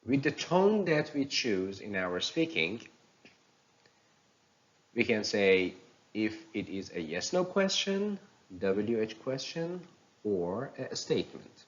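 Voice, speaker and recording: A man teaching pronunciation in a recorded lecture, explaining slowly and reading example sentences aloud. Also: fairly low pitch, very animated, lo-fi sound.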